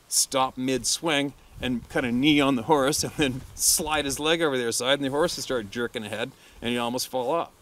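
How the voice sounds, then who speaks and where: A middle-aged hunting guide with a mid-range voice tells a crude story casually, laughing often and turning crude and animated when quoting. There's a little hiss or hum in the recording.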